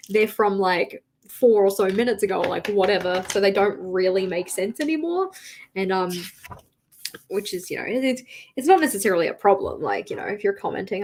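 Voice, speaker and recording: A woman's voice: mid-range voice, a little mellow, a little hiss or hum. Chatty woman livestreaming at her desk. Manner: chatty, counts swatches aloud in a sing-song. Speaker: stationery livestreamer. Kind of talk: casual livestream chat. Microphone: camera mic at a desk.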